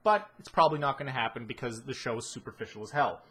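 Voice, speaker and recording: A man's voice: mid-range voice, fast talker, pushed and bright, breathy edge. A man giving a ranting analysis of a show, exasperated and swearing heavily. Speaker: video commentator.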